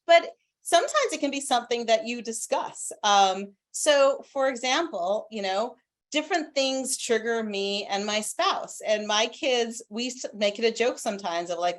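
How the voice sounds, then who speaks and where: A woman's voice: fairly high pitch, moderate pace. A woman guest expert on a video call from home, talking animatedly about parenting and sharing stories from her own family. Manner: warm, animated, with anecdotes. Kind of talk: conversational expert answers.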